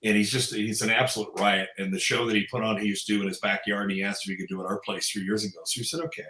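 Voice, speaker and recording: A man guesting on a podcast, a police officer who tells his stories with animated energy, packed with "uh" and "you know." His tone is bright and forceful. The room around him rings with noticeable echo. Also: lowish voice, racing. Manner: animated storyteller, many fillers. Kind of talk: casual interview storytelling. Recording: echoey room sound.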